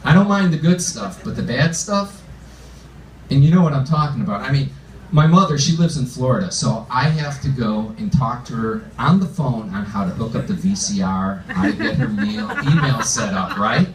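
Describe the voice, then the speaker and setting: This comedian's voice sits at medium pitch and normal speed, caught on a distant mic with a little hiss or hum. He tells self-deprecating stories in a chatty style during a club set, the room sounding roomy and the crowd loudly laughing and shouting.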